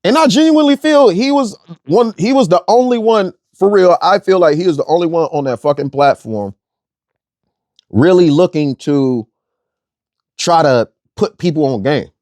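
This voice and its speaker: A man's voice: fairly high pitch, a little mellow, dry recording, studio quality. A young man delivering a blunt, profane rant as an online commentator, repeating phrases for emphasis. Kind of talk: ranting monologue.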